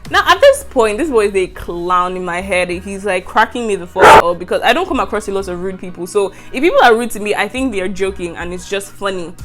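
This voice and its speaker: A woman's voice: medium pitch, animated, brisk, few pauses, over music. A young woman from Nigeria with a Nigerian English accent, telling a university story in a storytime vlog and laughing often. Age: young adult. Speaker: university student vlogger.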